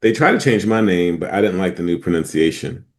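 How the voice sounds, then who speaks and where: A man's voice: sits low, animated, brisk. A man hosting a casual podcast chat, playful and laughing often. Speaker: podcast host.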